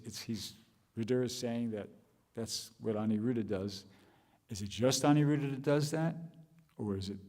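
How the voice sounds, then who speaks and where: A man's voice: lowish voice, darkish tone, big-room sound. A man giving a scripture class, thinking aloud with restarts and rhetorical questions.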